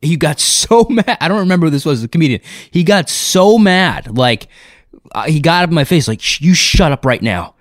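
A man's voice: fairly high pitch, expressive, fairly quick, no room sound, clean studio sound. Rambling, profane man telling a story. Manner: rambling, profane, self-deprecating. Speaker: comedian and impressionist. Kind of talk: casual storytelling.

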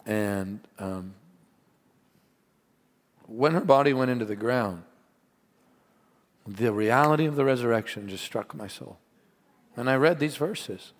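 A man preaching a sermon as pastor, earnest and animated, mixing stories and asides with scripture. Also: mid-range voice, a little slow, long pauses. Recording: long hall reverb.

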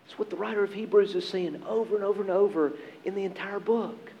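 A man preaching a sermon as pastor, earnest and emphatic, with dramatic pauses. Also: high voice, highs cut off, slight background noise.

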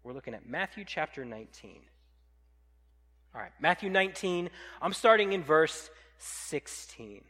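A man preaching a sermon, telling a casual, animated personal story with plenty of fillers before reading scripture. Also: on the high side, unhurried, big-room sound. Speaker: pastor.

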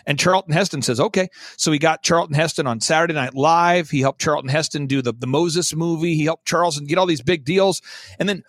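A man's voice: on the high side, a little fast, dry recording, studio quality. A man appearing as a guest on a talk show, telling a story in an emphatic, theatrical way and repeating points for emphasis.

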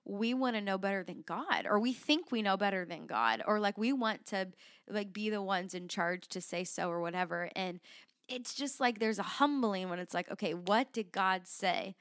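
Woman, podcast co-host, earnest and rambling, many fillers, mid-pitched, dry close sound. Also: animated, normal speed, fairly bright tone, smooth, dry recording. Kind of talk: casual faith podcast chat.

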